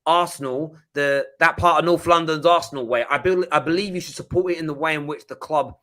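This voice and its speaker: A young man from England talks animatedly as a podcast guest, with a bright, forceful voice that sits a little high. He rushes ahead, restarts his sentences and piles on examples. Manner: animated, quick-talking, lots of restarts. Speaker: podcast guest, rival club fan. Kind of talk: casual chat.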